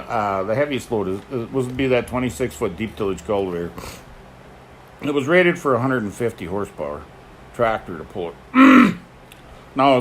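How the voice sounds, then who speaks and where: An older man, hosting a casual chat and telling folksy stories about horses, often chuckling and clearing his throat. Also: on the low side, slight background noise. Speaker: host, horse teamster. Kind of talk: casual chat answering viewer questions.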